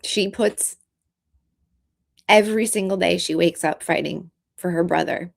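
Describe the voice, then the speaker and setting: A woman vlogger talking in an earnest, halting, emotional way in casual commentary. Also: on the low side, gravelly.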